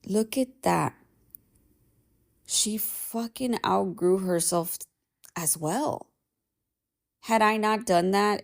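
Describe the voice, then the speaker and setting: This podcast host, a woman in her thirties, shares a personal story as a casual monologue, candid and emphatic, with plenty of swearing and frequent "right?" checks. Her lowish voice carries vocal fry and a darkish tone.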